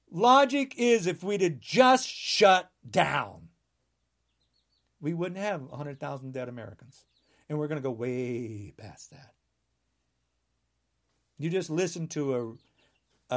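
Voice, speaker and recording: A man in his sixties delivering a heated, rambling podcast monologue, emphatic and full of restarts. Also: fairly high pitch. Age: 60s. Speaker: podcast guest.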